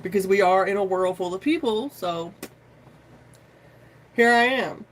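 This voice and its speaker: A live-stream tarot host in loose, casual chat. The talk rambles, swears freely and keeps calling out to viewers with y'all. The pitch sits in the middle. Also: a little slow, a little hiss or hum. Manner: chatty and informal, says y'all often.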